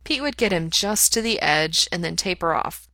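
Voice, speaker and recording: A woman reading a story aloud in a steady, even voice. Her pitch sits a bit low, but her tone is bright and crisp. The recording is close and dry. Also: moderate pace, no echo. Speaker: audiobook reader. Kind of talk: fan fiction read aloud.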